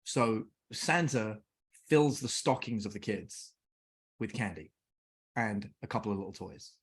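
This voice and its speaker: A man's voice: fairly low pitch, measured pace. A middle-aged English man, a podcast guest, telling casual stories and acting out conversations with his kids. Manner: lively anecdotes, acts out family dialogue. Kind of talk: casual storytelling.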